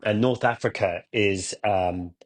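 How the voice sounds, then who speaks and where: Husky-voiced man telling travel stories. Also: fairly low pitch, measured pace. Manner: animated storyteller who acts out quoted dialogue. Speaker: guest, motorcycle adventurer and TV presenter. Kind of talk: casual podcast chat.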